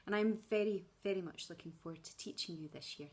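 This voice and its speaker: A Scottish woman teacher talks to her new class in a chatty, playful way and loves slipping in puns. Her voice sits a little low. She is outdoors on a walk as she talks. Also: quick pace, a little mellow. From Scotland. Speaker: primary school teacher. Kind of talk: welcome video to pupils.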